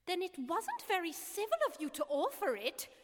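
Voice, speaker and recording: Woman reading as a prim storybook girl, raised and bright, echoing in a long-reverb hall. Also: sits high, sing-song, measured pace, pitched above the performer's own voice. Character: polite, curious young girl at a tea party.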